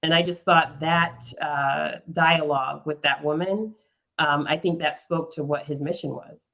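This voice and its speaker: A woman's voice: sits low, fairly even intonation, a little slow, creaky, fairly bright tone. A woman co-hosting a podcast in casual discussion, telling a story steadily with "um" and "you know". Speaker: podcast co-host.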